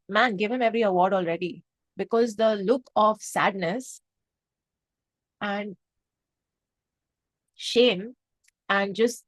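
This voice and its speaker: A woman's voice: mid-range voice, no echo. A woman from India, reviewing a film to camera in a passionate, emotional, rambling way. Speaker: movie reviewer. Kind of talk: unscripted review chat to camera.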